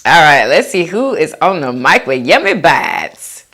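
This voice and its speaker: A woman hosting a mukbang video, chatting casually to viewers while eating and reading their comments aloud. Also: unhurried. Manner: laid-back with lively swoops of pitch. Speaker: mukbang vlogger.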